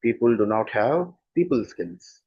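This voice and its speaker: A man's voice: mid-range voice, lively intonation, a little slow, slightly rough, lo-fi sound. A man with a standard Indian English accent, a communication skills coach explaining his views earnestly and stressing points by repeating them. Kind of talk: explanatory talk.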